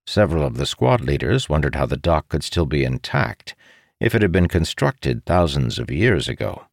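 A man narrating a fantasy audiobook in a steady, expressive way. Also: rumbling low, normal speed, creaky, no room sound, clean studio sound.

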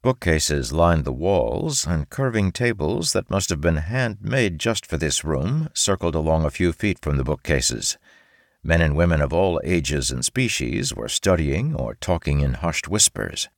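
A man narrating a fantasy audiobook in a steady storytelling manner. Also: very deep voice, unhurried, no room sound, clean studio sound.

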